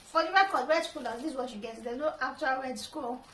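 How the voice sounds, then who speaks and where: A young Nigerian woman with a high, bright-toned voice talks through her tips one by one in an upbeat, chatty vlog. She sits back from the mic in an echoey room, with a faint hum of ambience behind her. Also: quick pace, distant mic. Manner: upbeat, gives numbered tips. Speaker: vlogger, law graduate. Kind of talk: casual advice vlog.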